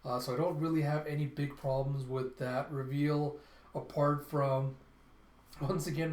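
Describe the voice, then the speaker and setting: A man giving a casual comic review, narrating scenes in an animated play-by-play with frequent sighs and filler words. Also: mid-range voice, echoey room, slight background noise. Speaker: manga reviewer.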